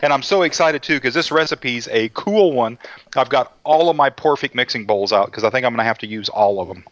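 A man's voice: medium pitch, lively intonation, fairly quick, a bit bright, dry recording. A man hosts a cooking show, chatting in a folksy, joking manner. The sound is dry and a little muffled. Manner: folksy, joking, says y'all a lot. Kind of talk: casual chat.

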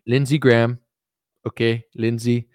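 A man's voice: medium pitch, level tone, unhurried, dry recording, studio quality, natural voice. A man impersonating a boastful older politician. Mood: rambling. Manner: repetitive, loud, bragging sing-song delivery.

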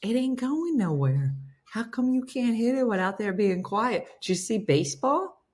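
A woman's voice: on the high side, expressive, normal speed, a little mellow. A woman hosting a casual live stream, chatting and storytelling as she reads viewer comments aloud and answers them. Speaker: host reading viewer comments.

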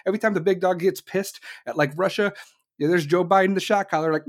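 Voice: mid-range voice, fast talker. A commentator delivering an angry, blunt political rant full of swearing.

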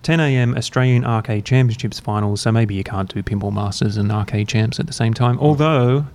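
A man hosting a podcast, chatting in a relaxed, rambling, self-mocking way while drinking beer. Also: fairly low pitch, a little fast. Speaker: podcast host. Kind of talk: casual chat. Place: university room, drinking beer.

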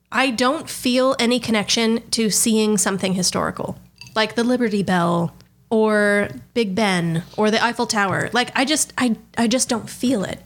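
A woman in casual chat as a podcast co-host, rambling chattily through opinions and stories. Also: on the high side.

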